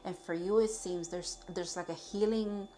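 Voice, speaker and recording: A woman's voice: on the low side, steady tone, normal speed, warm tone, slight background noise. Chatty woman reading tarot cards. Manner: chatty, rambling, with frequent fillers and self-corrections. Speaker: tarot reader. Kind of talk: casual tarot reading to camera.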